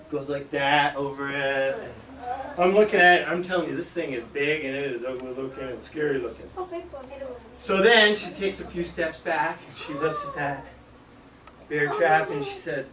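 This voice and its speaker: A middle-aged man, a school superintendent, telling a childhood story in an animated way, acting out voices and sound effects. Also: medium pitch. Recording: echoey room, distant mic, faint hiss.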